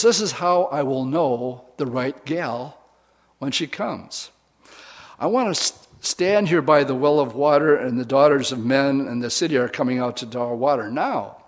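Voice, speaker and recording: A man preaching a sermon, retelling a scripture story in casual, folksy words to a women's audience. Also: a little high.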